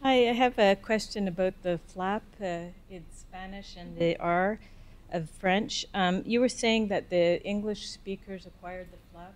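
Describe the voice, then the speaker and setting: A woman's voice: mid-range voice, measured pace. A woman in a lecture audience asking short clarifying questions and checking her understanding with "right?". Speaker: audience member. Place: lecture hall.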